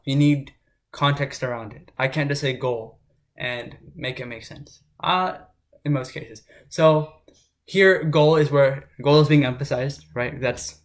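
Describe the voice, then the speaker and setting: Guy tutoring test prep, explains grammar loosely, keeps asking right?. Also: medium pitch. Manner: informal, talks it through with frequent "right?" check-ins.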